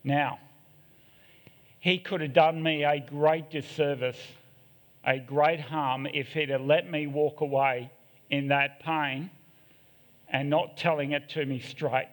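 Middle-aged man, sermon, candid and self-deprecating, slightly high voice, long church-hall reverb. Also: steady tone, slow, pauses often. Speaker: preacher.

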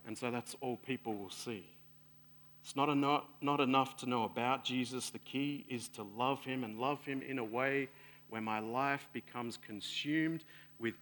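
A man preaching a sermon in an earnest way, swelling louder and then sinking soft and low.

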